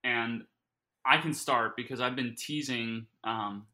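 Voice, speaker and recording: A man's voice: mid-range voice, slow pace, pushed and bright, poor audio. A man co-hosting a casual podcast, joking and rambling with lots of fillers, eating while he talks. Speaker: podcast co-host.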